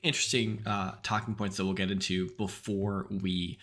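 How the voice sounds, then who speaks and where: A man's voice: deep voice, flat delivery, moderate pace, fairly bright tone. A man hosting a podcast in loose, casual chat. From United States. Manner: loose and chatty, many "like" fillers. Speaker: podcast host.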